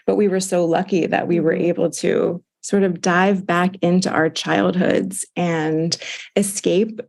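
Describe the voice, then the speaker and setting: A woman's voice: on the low side, gravelly. A woman in her late forties from Florida, a film director telling candid, wry stories in an interview. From Jacksonville, Florida, USA. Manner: candid, wry, animated storytelling. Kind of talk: casual interview conversation.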